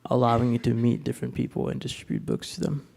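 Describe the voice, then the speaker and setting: A man's voice: medium pitch, sing-song, quick pace, gravelly, dark tone. A man in the audience politely asking the speaker a question.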